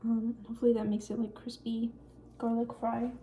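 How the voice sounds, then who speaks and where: A young woman in her twenties chatting quietly and shyly while cooking in her home kitchen, rambling with lots of fillers. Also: fairly high pitch, monotone, brisk. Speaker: vlogger. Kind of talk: casual cooking vlog chat.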